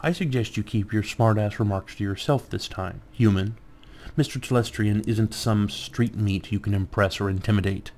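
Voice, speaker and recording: A man's voice: fairly low pitch, moderate pace, darkish tone, a little hiss or hum, lightly acted. A man voicing a sneering, contemptuous male cop from a video game, reading his lines aloud. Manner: taunting, contemptuous. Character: sneering mercenary cop McCluskey, male adult.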